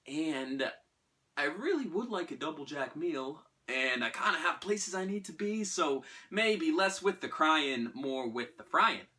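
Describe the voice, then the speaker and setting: A sardonic, self-pitying sad sack delivers a deadpan comedic monologue, acted by a man. His pitch swings all over with lively emphasis. The tone is very bright and cutting, with flashes of exasperation. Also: full character voice. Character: gloomy self-pitying man telling a bleak anecdote.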